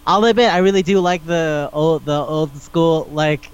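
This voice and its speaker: Guy on a podcast rambling and cursing a lot, kinda high voice, muffled sound. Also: moderate pace, hardly any pauses, clear, resonant tone. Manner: animated, rambling, swears freely. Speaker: podcast co-host. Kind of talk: casual chat.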